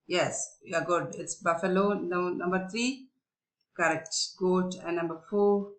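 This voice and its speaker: A woman's voice: lowish voice, a little slow, rough recording. A woman teacher, patiently explaining a story lesson and asking and answering her own questions.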